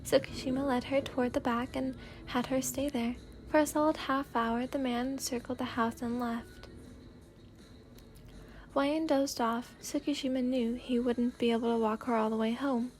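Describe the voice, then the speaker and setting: A woman narrating a fanfic story in a soft, gentle ASMR reading. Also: high-pitched, steady tone, moderate pace.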